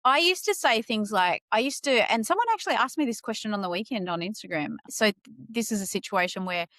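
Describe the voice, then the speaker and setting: Aussie lady host chatting on a podcast, lively storyteller, dry close sound. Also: mid-range voice, a little fast, no room sound. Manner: animated storyteller, acts out quoted dialogue. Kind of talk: casual podcast conversation.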